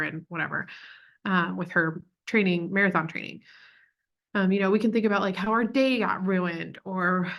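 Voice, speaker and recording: A woman's voice: medium pitch, a little fast, a bit bright. Chatty young woman, parent educator. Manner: chatty, full of "like" and "um" fillers. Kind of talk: casual teaching talk.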